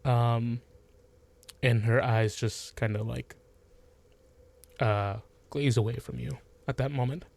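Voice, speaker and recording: A man's voice: medium pitch, fairly even intonation, gravelly, a little mellow. Hesitant man narrating as game master. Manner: halting, many fillers and restarts.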